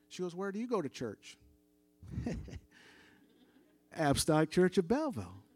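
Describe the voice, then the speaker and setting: A man's voice: high voice, wildly swooping pitch, moderate pace, pauses often, darkish tone, husky. A middle-aged man telling a story as a church testimony, casual and conversational, acting out the dialogue of the people he quotes. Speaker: church member giving testimony.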